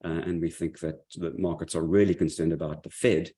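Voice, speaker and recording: A man's voice: low-pitched, level tone, a little fast, dark tone. A man giving a monthly market update, speaking loosely with many fillers and restarts. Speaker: market commentary presenter.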